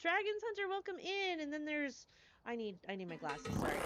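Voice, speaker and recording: A woman's voice: high-pitched, huge pitch swings, brisk, over loud music. A woman streamer chatting live with her viewers, effusive and gushing as she thanks them, and rambling between topics. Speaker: horror game streamer.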